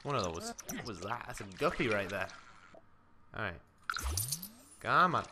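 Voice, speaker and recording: A man's voice: on the low side, sing-song, moderate pace, background noise. A young man casually commenting on his life-simulation game, chatting to his character as he plays. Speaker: gaming commentator. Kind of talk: casual let's-play commentary. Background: game music.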